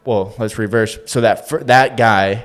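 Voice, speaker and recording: A man from rural Tennessee, a former pro fighter and podcast guest, telling a story in a lively way and acting out quoted voices. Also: lowish voice, moderate pace. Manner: lively, acts out quoted voices, frequent laughter, restarts. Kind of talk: casual storytelling in an interview.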